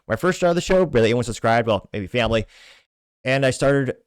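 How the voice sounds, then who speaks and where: A man's voice: medium pitch, animated, quick pace, smooth, no room sound, studio quality. A man hosting a podcast, casually reading social media comments aloud in a stumbling, self-deprecating way with frequent restarts. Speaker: podcast host.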